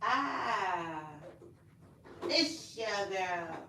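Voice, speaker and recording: A sassy, animated woman talks straight to her camera for her own channel. She says her punchlines twice for emphasis and calls out to her viewers. Her voice sits at a middle pitch for a woman. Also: very slow, gravelly, slight background noise. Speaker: vlog host. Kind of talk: casual celebrity gossip chat. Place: indoors, in front of a camera. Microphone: camera mic.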